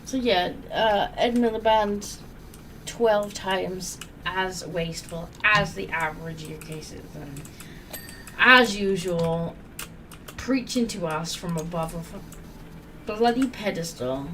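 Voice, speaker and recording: A woman's voice: fairly low pitch, takes it slowly, fairly bright tone, distant mic, a little hiss or hum, poor audio. A woman hosting a casual gaming chat, ranting in exasperation and swearing freely. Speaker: podcast host.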